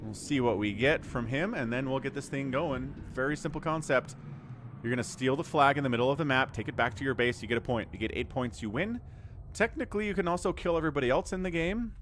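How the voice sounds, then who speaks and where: A man's voice: medium pitch, animated, fast talker, a bit bright, a little hiss or hum. A man hosting a live game stream, chatting with viewers in an upbeat, chatty way and thanking them by name. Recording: music playing behind.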